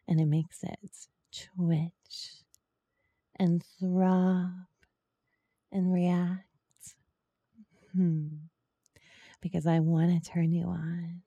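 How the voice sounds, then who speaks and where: A woman in whispered role-play, speaking softly and coaxingly, with teasing murmurs close to the microphone. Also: on the low side, flat delivery, no room sound. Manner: soft, slow, coaxing and teasing, with breathy murmurs. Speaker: ASMR role-play performer.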